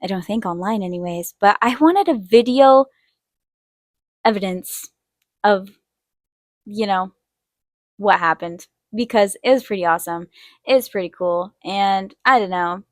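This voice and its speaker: A young woman hosting an art video, telling a personal story in a chatty way and acting out quotes in a higher voice. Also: normal speed, no room sound, studio quality. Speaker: art channel host. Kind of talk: casual storytelling while drawing.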